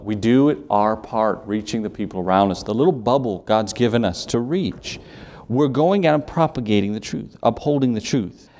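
A man's voice: mid-range voice, darkish tone. Emphatic male pastor preaching. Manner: emphatic preaching, repeats phrases, asks the congregation questions. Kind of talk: sermon.

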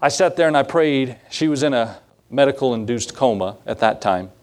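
A man's voice: mid-range voice, expressive, normal speed. Folksy, earnest male pastor preaching. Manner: folksy storytelling, earnest and conversational. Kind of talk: sermon.

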